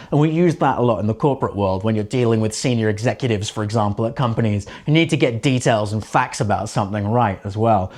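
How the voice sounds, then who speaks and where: A man's voice: medium pitch, darkish tone. A man who hosts a channel and coaches on-camera presenting, talking to camera in a chatty, rambling, self-mocking way. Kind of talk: casual talk to camera.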